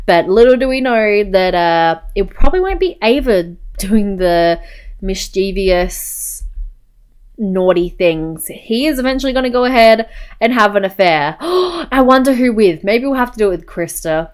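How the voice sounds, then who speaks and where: A woman's voice: medium pitch, animated, normal speed, clean tone. A young woman casually commenting while playing a life-sim game, chatty and playful. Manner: chatty, says "go ahead" often. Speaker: let's-play host.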